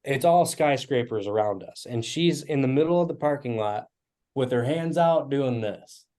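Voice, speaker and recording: A man in his twenties, a guest musician, telling animated stories with casual fillers in an interview. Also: mid-range voice, moderate pace. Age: 20s. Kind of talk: storytelling interview.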